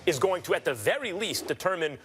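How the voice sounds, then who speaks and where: A man co-hosting a heated studio sports debate, insistent and quick with numbers. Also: high voice, very animated, fairly bright tone, soft background music. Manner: fast, insistent, stat-heavy argument.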